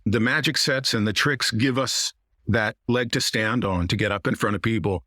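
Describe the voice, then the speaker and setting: A man's voice: lowish voice, normal speed, pushed and bright, dry recording, studio quality. A middle-aged American man, a magician and comedian, chatting as a guest with a rich voice whose sentences turn down at the end. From United States. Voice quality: rich podcasting voice. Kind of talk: casual interview chat.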